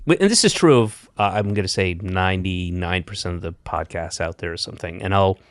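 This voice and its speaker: A man's voice: sits low, fairly quick, smooth, no room sound. A man hosting a casual podcast chat, dry and wry, rambling with lots of fillers. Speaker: podcast host. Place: New York.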